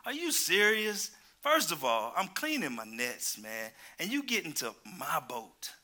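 A man's voice: fairly high pitch, huge pitch swings, a little slow, sharp tone, heavily acted. A preacher doing a grumbling tired fisherman. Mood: exasperated. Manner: exasperated, complaining, streetwise slang. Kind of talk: sermon storytelling.

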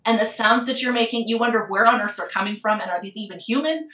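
A woman's voice: a little high, fast, pushed and bright, roomy sound, recorded from a distance. A woman candidly telling a personal story of grief, reflective and at times tearful. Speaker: guest sharing a personal story.

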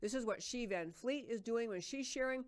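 A woman's voice: fairly high pitch, normal speed. A middle-aged woman hosting a political talk show, delivering an earnest, emphatic monologue with frequent fillers and restarts.

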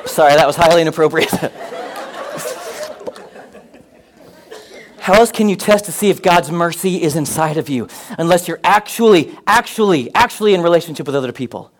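High-voiced, animated male preacher. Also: quick pace, hardly any pauses, some chatter behind. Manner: animated, comic asides, rising to near-shouts. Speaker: pastor. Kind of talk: sermon.

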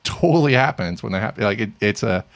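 Deep gravelly-voiced man rambling casually. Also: quick pace, a bit bright, dry recording. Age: middle-aged. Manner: rambling, many fillers and restarts, laughs easily. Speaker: podcast co-host. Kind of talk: casual tech news chat.

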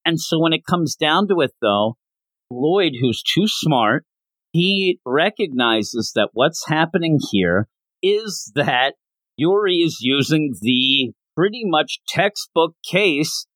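A man hosting a casual manga podcast, retelling scenes in an animated way and slipping into quick character voices. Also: fairly high pitch, no echo. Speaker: podcast host.

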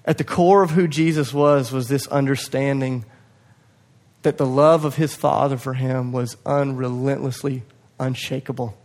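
A young man preaching a sermon to his church, passionate, swinging from loud urging to hushed quiet, with self-deprecating asides. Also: mid-range voice, fairly even intonation, normal speed. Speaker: pastor. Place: church hall.

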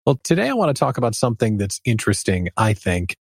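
A man's voice: on the low side, big pitch swings, quick pace, creaky, slightly rough, dry recording, studio quality. A man hosting a podcast for small business owners, talking in a friendly, conversational way. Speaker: podcast host. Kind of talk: podcast interview.

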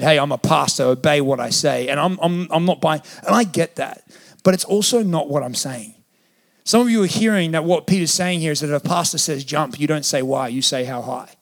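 Aussie pastor guy giving a sermon, kinda high voice, casual and jokey. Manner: conversational, joking asides.

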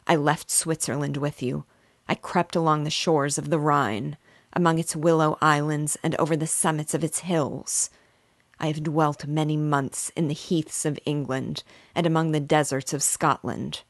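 Woman voicing a wretched male creature, vengeful, slow and threatening, low voice, dry close recording. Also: steady tone, dry recording. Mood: pleading, bitter.

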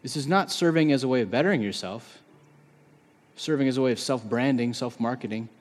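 A man in his thirties preaching a sermon in a conversational, animated way, acting out the quotes he tells. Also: mid-range voice, a little fast. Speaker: pastor. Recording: long reverb of a large hall.

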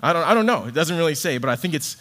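Very fast, pushed and bright, this slightly high, expressive male voice belongs to a young ministry associate director preaching a sermon. He stays conversational and earnest, using casual fillers.

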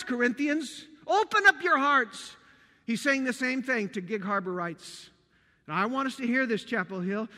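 A man's voice: very high voice, sharp tone, in a large hall. A man preaching a sermon, earnest and emphatic, asking the congregation rhetorical questions. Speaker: pastor. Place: church sanctuary.

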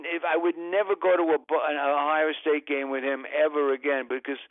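Rambling comic storyteller with tinny phone sound. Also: male voice, on the high side, steady tone, brisk, no room sound. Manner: rambling, self-interrupting comic anecdotes. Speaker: guest. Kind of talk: casual storytelling.

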